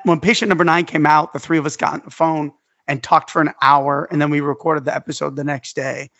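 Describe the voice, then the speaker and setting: A man co-hosting a podcast in casual, profane chat, his voice going hoarse. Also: on the high side, flat delivery, fairly quick, fairly bright tone, dry recording, lo-fi sound. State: losing his voice. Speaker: podcast co-host.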